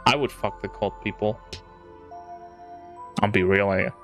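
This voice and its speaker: A man's voice: lowish voice, fairly even intonation, unhurried, soft background music. Joking male streamer. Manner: joking, crude asides to chat. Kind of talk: live game stream chat.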